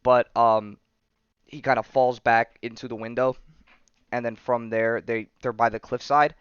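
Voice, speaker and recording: A man hosting a podcast, recapping a comic book in a loose, rambling way full of fillers and tag questions. His voice is clear and mid-pitched. The recording is dry and slightly dull. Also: steady tone, unhurried, no room sound. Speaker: podcast host.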